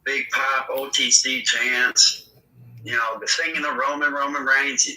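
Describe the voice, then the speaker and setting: A man co-hosting a podcast, giving relaxed, offhand opinions with fillers. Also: mid-range voice, a little slow, echoey room, recorded from a distance, rough recording. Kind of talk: casual recap chat.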